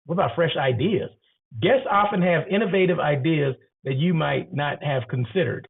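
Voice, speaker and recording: Hotel guy rambling casual advice, keeps clearing his throat, kinda high voice, sounds like a phone line. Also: moderate pace. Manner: conversational, rambling, asks the listener questions. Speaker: hotel industry host. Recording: tinny phone-like audio.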